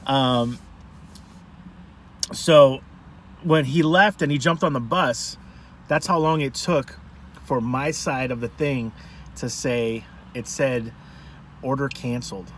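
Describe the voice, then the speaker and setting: A man food vlogger telling a rambling, animated story to camera from a parked car. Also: mid-range voice, takes it slowly, long pauses, a little hiss or hum. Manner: rambling, animated, self-interrupting.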